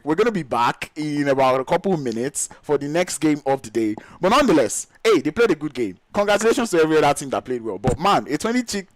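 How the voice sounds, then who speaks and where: A man whose first language is Yoruba, casting live esports play-by-play in an excitable, gushing, exclamatory way. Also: fairly high pitch, dry recording, low-quality recording. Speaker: esports caster.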